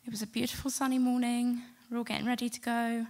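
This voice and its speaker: Woman telling a lively story. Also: a little high, fast. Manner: lively, animated retelling with acted-out quotes. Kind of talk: live storytelling to an audience. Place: stage before a live audience.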